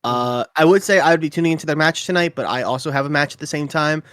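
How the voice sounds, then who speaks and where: A man's voice: a little high, fast, fairly bright tone, clear, resonant tone, dry recording, clean studio sound. A man on a casual esports panel who also plays, speaking in a hesitant way with many fillers. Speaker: panelist and player.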